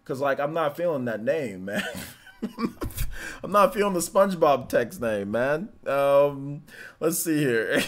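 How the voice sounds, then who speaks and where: A man's voice: medium pitch, expressive, unhurried. A man hosting a casual live stream, greeting viewers by name and teasing the chat in slangy, laid-back talk. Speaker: livestream host.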